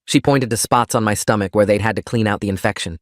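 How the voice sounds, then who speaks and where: Low-voiced male story narrator. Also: fast talker, no echo, clean studio sound. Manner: steady, plain reading. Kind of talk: first-person storytime narration.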